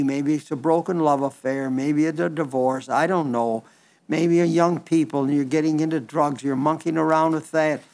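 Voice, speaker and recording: An older man preaching an Easter sermon in a folksy, halting way, often restarting his words. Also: on the high side, darkish tone.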